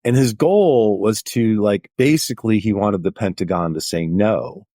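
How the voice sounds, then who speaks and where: A man's voice: lowish voice, normal speed, warm tone, no room sound, studio quality. Chatty middle-aged man telling stories. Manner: anecdotal, chatty, many "like" fillers. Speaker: guest journalist. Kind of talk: casual interview storytelling.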